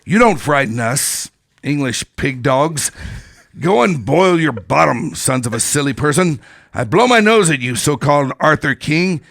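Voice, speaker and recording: A man's voice: sits high, big pitch swings, unhurried, vocal fry, hardly any pauses, fairly bright tone, clean tone, full character voice. An older man reading as a sneering French guard. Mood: taunting. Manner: mocking taunts read off a script.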